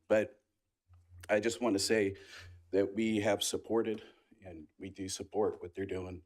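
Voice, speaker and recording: A man giving a public comment at a city meeting, emotional and halting, clearing his throat between phrases. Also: sits low, darkish tone.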